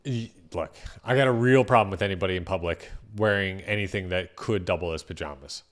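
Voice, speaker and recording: A man's voice: deep voice, a little fast. A man guesting on a podcast, making wry remarks and swearing now and then in casual chat.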